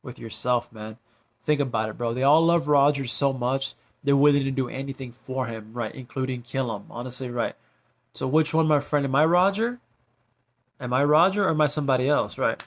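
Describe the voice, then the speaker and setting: A man of ordinary pitch rambling on camera. He loops back to "bro" and "right" at the end of nearly every line. Now and then he drawls and lets his voice sink into quiet asides. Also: normal speed.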